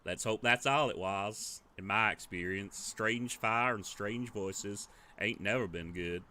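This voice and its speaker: A man voicing a weathered old drifter in a game playthrough, speaking in short, slow, folksy lines. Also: lowish voice, bright, forceful tone. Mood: wary. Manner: slow, clipped and terse, folksy.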